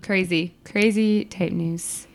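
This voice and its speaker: A woman's voice: mid-range voice, steady tone, slow. A young woman co-hosting a casual podcast, reading news aloud with a giggly mock newscaster flair. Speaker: podcast co-host. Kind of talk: casual chat.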